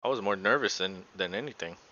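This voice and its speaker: A man's voice: sits low, fast talker, pushed and bright, muffled recording. A man casually calling live basketball play-by-play for a podcast, rambling and swearing with lots of fillers. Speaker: podcast co-host.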